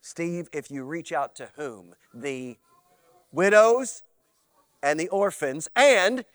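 A man preaching an animated sermon, his voice sitting high. He swings from loud emphasis to hushed asides and slips into mocking voices. The sound is close and dry. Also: slow, dry recording. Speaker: pastor.

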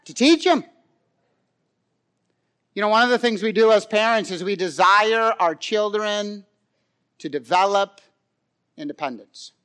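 A middle-aged man delivers a sermon in a high, light voice. He talks loosely, with plenty of fillers and questions thrown to the congregation. He rises to loud, lively stretches and drops to near-hushed emphasis. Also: normal speed, smooth. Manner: conversational, with frequent fillers and audience questions. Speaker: pastor.

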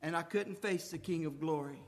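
A man preaching a sermon in a colloquial, folksy way, swinging between hushed tones and shouting as he acts out dialogue. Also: fairly high pitch, moderate pace. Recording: long hall reverb.

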